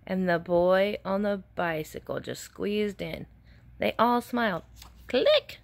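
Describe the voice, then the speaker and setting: A woman's voice: mid-range voice, lively intonation, unhurried, gravelly, no room sound. A woman teacher reading a picture book aloud to children and asking them questions between pages.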